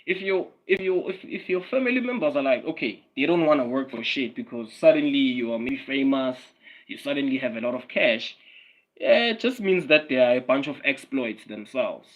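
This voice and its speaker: A man's voice: mid-range voice, expressive, normal speed, muffled recording. A man, a Swati speaker, ranting casually and profanely on a livestream, repeating himself and often laughing. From South Africa. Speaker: YouTube streamer.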